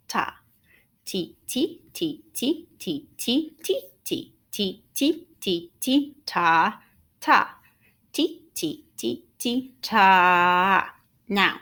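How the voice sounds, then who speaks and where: A woman teaching an online music lesson, explaining rhythm and solfege in a clear, patient, encouraging way. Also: lowish voice, fairly bright tone.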